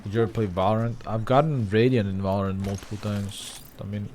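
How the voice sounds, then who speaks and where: A man's voice: on the low side, steady tone, quick pace, a little mellow, slight background noise. A man streaming a game, chatting casually with viewers and a teammate, swearing freely and laughing often. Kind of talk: casual gaming stream chat.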